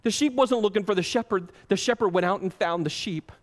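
A man preaching a sermon as pastor, passionate, swinging between loud pleading and hushed intensity. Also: high-pitched, brisk, in a large hall.

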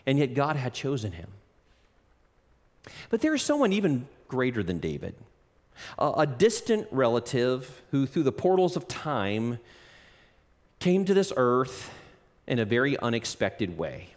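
A man preaching a sermon in an animated, emphatic way, speaking directly to his listeners. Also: mid-range voice, big-room sound.

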